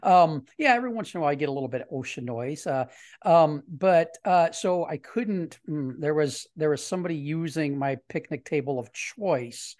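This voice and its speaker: A man's voice: a little high, animated, a little mellow. Rambling male podcast host. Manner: rambling, halting storytelling with many restarts. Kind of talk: casual podcast chat. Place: home studio.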